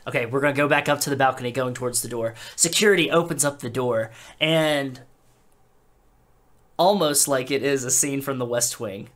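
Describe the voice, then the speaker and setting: Halting tabletop game master. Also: mid-range voice, fairly bright tone. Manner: halting, full of "like" and restarts.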